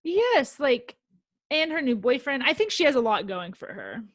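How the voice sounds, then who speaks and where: A woman co-hosting a podcast, chatting casually and quickly about reality TV with lots of fillers. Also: high voice, big pitch swings, no room sound. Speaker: podcast co-host.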